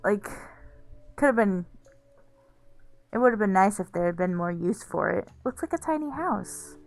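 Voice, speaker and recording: A woman's voice: mid-range voice, expressive, moderate pace. A woman streaming a game, musing aloud in casual let's-play commentary.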